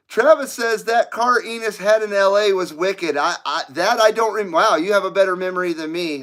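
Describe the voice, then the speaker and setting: A man's voice: fairly high pitch, a bit bright. Chatty rambling man hosting a radio stream. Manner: rambling, chatty, laughs at own jokes. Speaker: CB radio livestream host. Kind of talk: casual livestream chat.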